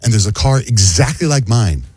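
A middle-aged man hosting a radio show, telling a story in a casual, animated way and acting out sounds and quotes. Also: on the low side, moderate pace, soft background music. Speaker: radio host.

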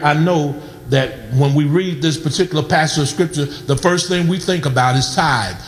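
A man preaching a sermon as pastor, building to shouts and calling on the congregation to respond. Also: a little high, reverberant, long reverb tail, poor audio. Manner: preaching with rising shouts and audience calls.

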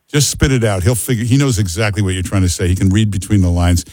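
A man's voice: on the low side, quick pace, a little mellow, no echo. A man hosting a call-in radio talk show, emphatic and joking, repeating himself for effect.

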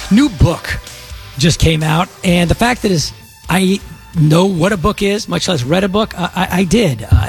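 A man's voice: on the high side, gravelly. A man hosting a tech talk radio show, chatting casually and rambling with many fillers and restarts. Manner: rambling, self-interrupting, lots of fillers.

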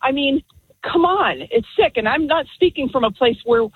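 A woman's voice: sits high, lively intonation, moderate pace. A woman calling in to a radio talk show, speaking earnestly and with emphasis about her convictions. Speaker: caller. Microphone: telephone. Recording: tinny phone line.

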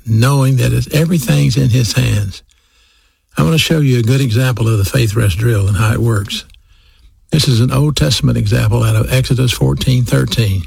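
Gravelly, husky male preacher. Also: medium pitch, darkish tone, dry recording. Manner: emphatic, repeats key phrases slowly. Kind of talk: sermon.

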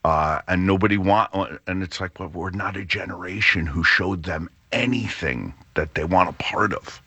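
Man, middle-aged, low and bright voice, rambling radio host, dry close mic. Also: moderate pace, breathy edge, no room sound. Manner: rambling with frequent restarts and fillers. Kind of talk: casual radio talk.

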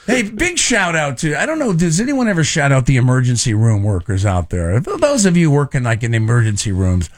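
A man's voice: medium pitch, fairly quick, hardly any pauses, no room sound, studio quality. A man hosting a radio talk show, chatting casually and joking, laughing often. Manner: jokey, animated, laughs often.

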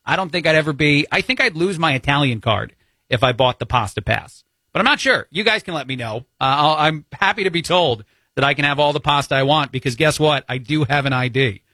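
A man's voice: a little high, lively intonation, a little fast, pushed and bright, no room sound. A man with a New Jersey accent filling in as a talk radio host, giving opinionated, chatty commentary with many fillers into a studio mic.

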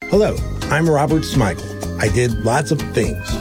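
A man's voice: mid-range voice, lively intonation, moderate pace, over music. A man hosting a comedy podcast, reading a promo in a dry, self-deprecating way. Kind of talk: scripted comic promo.

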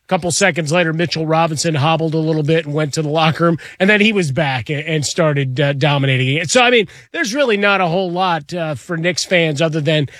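A man's voice: on the high side, fast talker, hardly any pauses, fairly bright tone, no echo, clean studio sound. A man co-hosting a casual sports talk show, wry and teasing with his partner.

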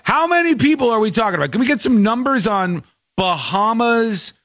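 A man's voice: very high-pitched, animated, moderate pace, a bit bright, no room sound, clean studio sound. A man in his forties hosting a show, joking and incredulous in casual commentary. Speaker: host.

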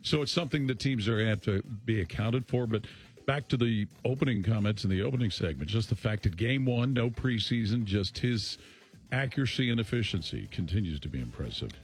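A man's voice: fairly low pitch, lively intonation, fairly quick. A man giving direct, assured football commentary on a radio show. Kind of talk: sports talk radio analysis.

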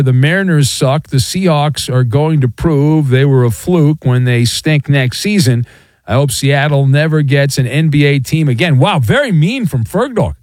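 A middle-aged man runs a call-in talk show, reading out listener notes and needling his callers with dry sarcasm. His voice sits a little high. The sound is dry and close with no room echo. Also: a little mellow. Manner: sarcastic, teasing. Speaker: radio show host.

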